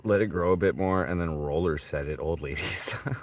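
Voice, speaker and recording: A man's voice: deep voice, fairly quick, few pauses. A man streaming casually from a tent, mumbling, swearing and talking to himself as he reads out chat. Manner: mumbling, swearing, talks to himself while searching.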